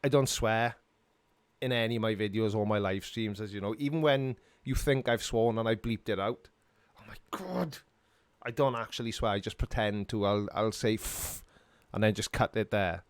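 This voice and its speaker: A man's voice: on the low side, steady tone, brisk, clear, resonant tone, no room sound. A middle-aged Welsh man hosting a casual live stream, rambling and joking while answering chat questions from his home studio. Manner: rambling and jokey, laughs often.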